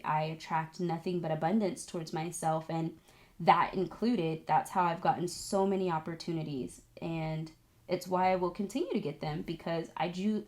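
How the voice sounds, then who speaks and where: A young woman vlogger telling a personal story in a casual, animated and chatty way, turning tearful at moments. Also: lowish voice. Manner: animated, emotional, chatty with many "like"s. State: tearful at times. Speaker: vlogger, esthetics student.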